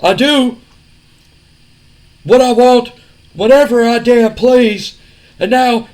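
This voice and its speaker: A man putting on the voice of a brash, defiant male wrestler who taunts loudly. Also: very high-pitched, pitched above the performer's own voice. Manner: loud, taunting, drawn-out jabs.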